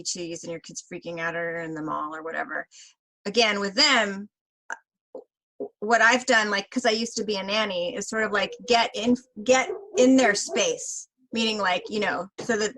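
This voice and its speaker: A woman co-hosts a podcast in casual chat, laughing easily and using lots of fillers. Her mid-range voice is fairly bright, and the recording is rough.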